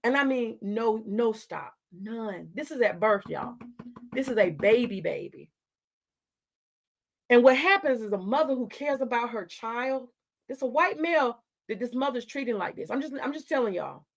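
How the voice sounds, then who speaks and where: A woman's voice: fairly high pitch, animated, normal speed. Blunt, profane woman ranting to her chat. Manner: confrontational, profane, addresses chat directly. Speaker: livestream host. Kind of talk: livestream rant to chat.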